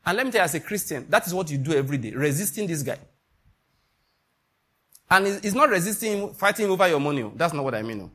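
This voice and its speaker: Emphatic Nigerian preacher, husky voice. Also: male voice, on the high side, big pitch swings, fast, bright, forceful tone. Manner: emphatic, asks the congregation questions, acts out little scenes. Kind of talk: sermon.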